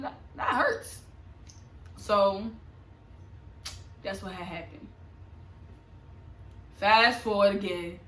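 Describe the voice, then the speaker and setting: Young woman vlogger, casual and confiding, bright tone, echoey room. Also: medium pitch. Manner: slangy, animated, confiding. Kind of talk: casual storytelling to camera.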